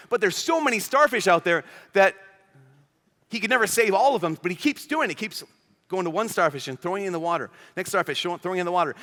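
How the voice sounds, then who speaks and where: A man preaches to a youth conference in a lively storytelling style, slipping into the voices of the people he quotes. His voice is bright and a touch high for a man. It rings with the long reverb of a big hall. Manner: animated storytelling, acts out quoted characters. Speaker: priest.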